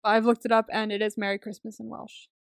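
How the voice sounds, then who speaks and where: A woman's voice: fairly high pitch, level tone, quick pace, vocal fry, clear, resonant tone, no echo, studio quality. A young woman co-hosting a casual movie recap podcast, chatty and full of fillers, laughing often. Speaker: podcast co-host.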